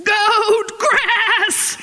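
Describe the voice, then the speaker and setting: A woman's voice: very high voice, steady tone, very slow, bright, forceful tone, pitched above the performer's own voice, full character voice. A woman voicing a scared but stubborn little lion cub who insists it is a goat. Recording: echoey hall.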